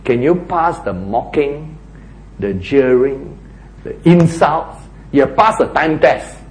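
A man preaching a sermon, emphatic and animated, often acting out quoted lines. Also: medium pitch, slow. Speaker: pastor. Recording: echoey hall.

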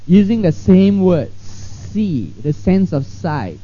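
A man's voice: sits high, big pitch swings, slow pace, mellow. A man teaching a Bible class in a conversational way, often checking in with his listeners. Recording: dull lo-fi recording.

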